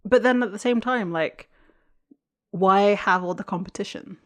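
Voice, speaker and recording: A young woman co-hosts a podcast in relaxed, casual conversation. She agrees readily with short replies and laughs often, with a voice of ordinary pitch. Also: a little slow. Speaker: podcast co-host. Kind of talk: casual chat.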